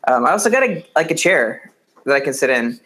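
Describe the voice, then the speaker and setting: A man's voice: mid-range voice, very animated, fairly quick, fairly bright tone. A man co-hosting a casual podcast, rambling along with many likes and uhs. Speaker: podcast co-host.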